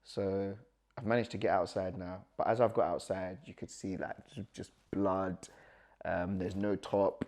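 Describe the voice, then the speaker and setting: Young man, lowish voice, guest recounting his story with lively, acted-out dialogue. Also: measured pace. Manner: animated, acts out quoted dialogue, nervous laughs. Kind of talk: personal storytelling.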